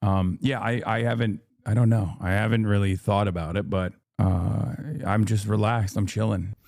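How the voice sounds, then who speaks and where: A man's voice: lowish voice, fairly even intonation, moderate pace, vocal fry, a little mellow, no room sound. A man in his thirties talking casually on a live stream, rambling with restarts and fillers and reading viewer comments aloud.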